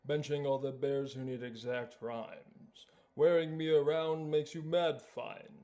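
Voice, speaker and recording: A laid-back, bragging bear who builds with blocks, rapped by a man. The flow is low and unhurried, with words drawn out. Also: fairly even intonation, warm tone, muffled recording, close to an everyday voice. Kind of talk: rap song.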